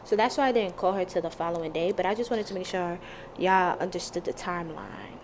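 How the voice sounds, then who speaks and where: A woman in her late teens cutting in to calmly clarify details of her story. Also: fairly low pitch, slight background noise. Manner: measured, explanatory correction of the story's timeline. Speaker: vlogger. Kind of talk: inserted voice-over clarification.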